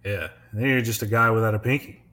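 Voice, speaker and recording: A man's voice: lowish voice, steady tone, fast, bright, forceful tone. A young man hosting a podcast, chatting casually, rambling and laughing often, with lots of swearing. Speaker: podcast host. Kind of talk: casual chat.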